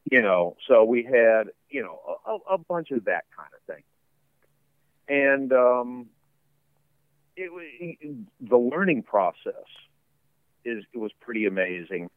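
A man's voice: mid-range voice, expressive, a little slow, no room sound, narrow, tinny audio. A man talking casually as a musician guest in an interview, rambling with lots of fillers and laughs. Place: home basement studio.

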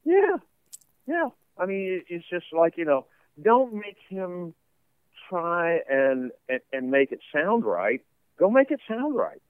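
A man's voice: high voice, sing-song, slow, smooth, no echo, narrow, tinny audio. A man talking casually as a musician guest in an interview, rambling with lots of fillers and laughs. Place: home basement studio.

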